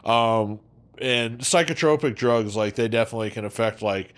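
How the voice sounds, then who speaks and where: A man's voice: medium pitch, normal speed. A man telling a story from his own past on a podcast, casual and heavy on swearing. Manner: profane, animated, swears constantly. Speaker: podcast co-host.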